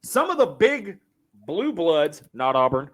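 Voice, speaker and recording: A man from Arkansas hosting a sports podcast, talking loud and brash with excitable banter. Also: a little high, measured pace. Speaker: podcast host.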